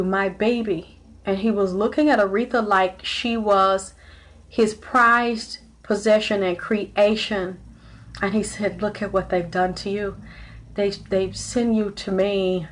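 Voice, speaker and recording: Woman host, casual rambling livestream talk, halting delivery with fillers, middle pitch. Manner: greets viewers mid-speech. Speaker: spiritual medium host.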